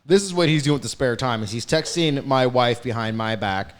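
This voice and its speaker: A man's voice: medium pitch, brisk. A man telling a story in casual podcast chat, heated and profane, speeding up in bursts. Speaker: podcast host.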